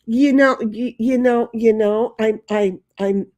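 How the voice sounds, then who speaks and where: This woman hosts a livestream, chatting casually and reading out viewer comments. She rambles from story to story, laughs often, and her voice sits a bit high. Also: steady tone, slow pace, a little mellow. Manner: rambling, laughs often, breaks into sung jingles. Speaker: livestream host.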